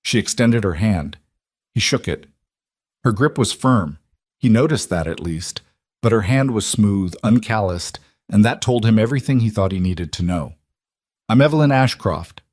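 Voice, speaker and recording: Low-voiced male storyteller, dry sound. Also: moderate pace, a little mellow, dry recording. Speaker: narrator. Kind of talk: scripted story narration.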